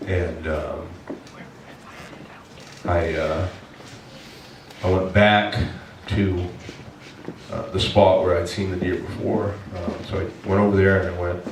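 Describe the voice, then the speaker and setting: A low-pitched male pastor preaches to his congregation, retelling a personal story with animated swings into exasperated shouting. He is recorded from a distance in a reverberant church sanctuary with a faint hiss underneath. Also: slow, long pauses. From Maine. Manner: animated storyteller, bursts into loud exasperated shouts when quoting himself. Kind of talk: storytelling sermon. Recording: echoey church hall, from a distance, faint noise.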